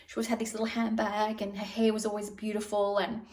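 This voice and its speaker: A woman's voice: mid-range voice, completely flat delivery, fast talker, recorded from a distance. A middle-aged woman vlogging in casual, digressive chat, telling stories. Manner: chatty, digressive, warm storytelling. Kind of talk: casual rambling chat to camera.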